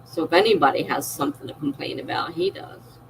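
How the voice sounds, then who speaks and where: A woman's voice: deep voice, lively intonation, a little fast, background noise. A middle-aged woman streaming a personal, emotional monologue, confiding and circling back on herself as she talks. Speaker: live streamer.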